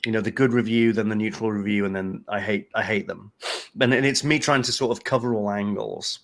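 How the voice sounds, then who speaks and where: A man's voice: lowish voice, steady tone, a little fast, a bit bright. A man hosting a casual livestream, rambling through a story and quoting his own thoughts. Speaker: host, fragrance reviewer.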